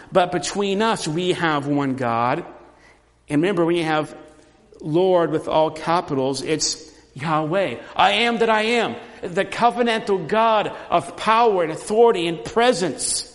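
A man preaching a sermon, teaching through a scripture passage and building to emphatic, loud repetitions. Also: on the high side, unhurried, long reverb tail. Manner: emphatic preaching, rising loud on repeated phrases. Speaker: pastor.

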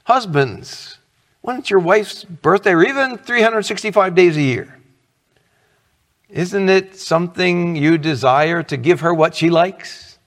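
Middle-aged male pastor, earnest conversational sermon, slow delivery, slightly high voice. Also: expressive, in a large hall. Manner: earnest, conversational preaching with rhetorical questions.

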